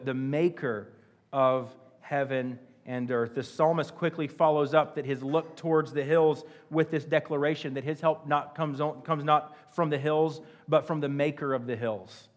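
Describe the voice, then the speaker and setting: Earnest pastor in a reverberant hall. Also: male voice, fairly high pitch, steady tone, normal speed. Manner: earnest, repeats and restarts phrases. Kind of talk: sermon. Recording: long church-hall reverb.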